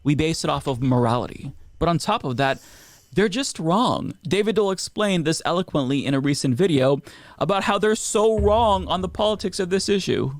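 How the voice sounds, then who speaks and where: A man's voice: a little high, lively intonation, moderate pace, dry recording. A man delivering firm, argumentative political commentary.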